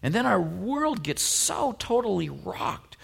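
A man preaching a casual, conversational sermon, full of fillers and lively asides. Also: sits high, slow, creaky, slightly rough. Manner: conversational, animated, many fillers like "you know" and "like". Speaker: pastor.

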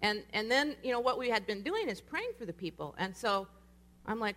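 A woman with a fairly low voice preaches quickly, telling a story in a relaxed, lively way and acting out the voices of the people she quotes. There's slight noise in the background.

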